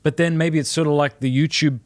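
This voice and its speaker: An Australian man from South Australia hosting a podcast, reading viewer questions aloud and reflecting in a relaxed, joking way. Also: a little high, a little fast, no echo. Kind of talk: podcast conversation.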